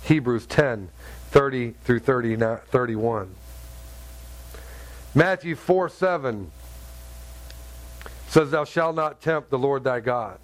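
A man's voice: medium pitch, slow pace, pauses often. A middle-aged man preaching a sermon, telling stories with humor and punchy sound effects. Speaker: pastor.

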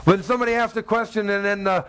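Male pastor with a high voice; preaches like chatting with friends, jokes and plays out little exchanges. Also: fairly even intonation, quick pace, a bit bright, clear, resonant tone. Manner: humorous, acts out dialogue in voices. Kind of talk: conversational sermon.

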